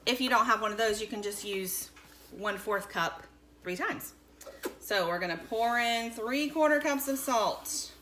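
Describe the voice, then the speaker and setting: A woman's voice: a little high, unhurried, bright, forceful tone. A woman in her thirties, a mother, giving cheerful, patient step-by-step instructions to kids while cooking at home. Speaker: mother hosting a kids' science video. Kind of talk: casual instructional chat to kids. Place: home kitchen. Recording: echoey kitchen with clear background noise.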